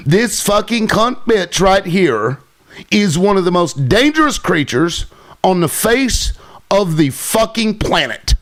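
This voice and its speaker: A man's voice: sits high, lively intonation, slow pace, a bit bright. A man angrily commenting on a video clip, swearing heavily and mocking the people in it. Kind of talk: angry profane commentary.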